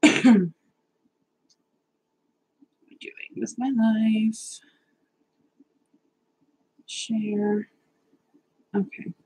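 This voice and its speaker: A woman's voice: on the high side, little pitch movement, drawn-out words, pauses often, a little mellow, a little hiss or hum, poor audio. A young woman hosting a casual live stream, chatty, nervous and self-deprecating, swearing now and then as she sorts out technical problems.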